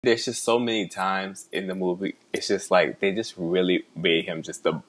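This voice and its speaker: A woman co-hosting a podcast with a husky voice, bantering casually and joking. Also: extremely low pitch, steady tone, normal speed. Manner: piling on jokes with laughter.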